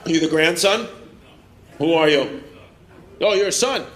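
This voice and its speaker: A man's voice: fairly high pitch, animated, measured pace, a bit bright. A man doing teasing, brash crowd work as a stand-up comedian on a club stage, laughing along at his own jokes. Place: club stage with live audience. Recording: live club audio with crowd and noise. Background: audience laughter.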